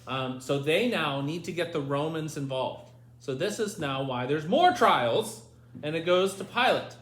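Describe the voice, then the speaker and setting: A man's voice: on the high side, expressive, moderate pace, a bit bright. A man leading a Bible study lesson, asking his group questions and reading scripture aloud. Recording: echoey room with faint noise.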